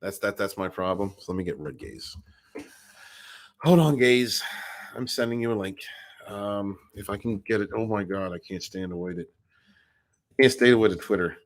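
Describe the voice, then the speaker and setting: Rambling livestream host, man with a lowish voice. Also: expressive, normal speed, long pauses. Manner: rambling, fills dead air, greets chat by name. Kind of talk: casual livestream chat.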